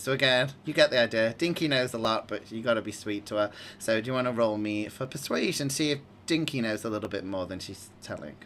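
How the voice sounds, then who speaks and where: A man's voice: lowish voice, animated, a little fast, few pauses, a bit bright, slight background noise. A man narrating as game master who rambles with many fillers.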